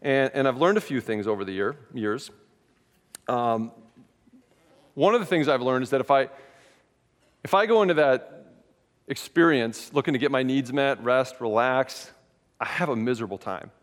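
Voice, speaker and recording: A man's voice: mid-range voice, moderate pace, pauses often. A man preaching a sermon as a pastor, telling stories in a candid, self-mocking way. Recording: long hall reverb.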